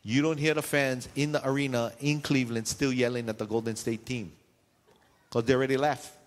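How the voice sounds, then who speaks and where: A male pastor preaches with lively energy, firing rhetorical questions at his congregation and acting out shouted voices. His mid-pitched voice carries a long reverb from the church hall around him. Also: fairly quick. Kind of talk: sermon. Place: church sanctuary.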